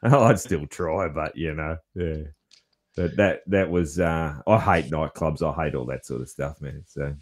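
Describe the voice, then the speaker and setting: A man's voice: very deep voice, measured pace. A man with an Australian accent hosting a podcast, chatting in a laid-back way and calling his guest "man" a lot. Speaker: podcast host. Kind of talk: casual interview chat.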